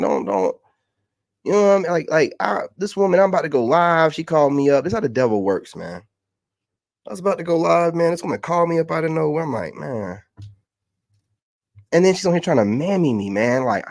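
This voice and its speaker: A man's voice: on the high side, sing-song, a little fast, creaky, darkish tone, dry recording, clean studio sound. A man, a content creator venting in a heated, mocking rant. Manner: exasperated, ranting, mocking.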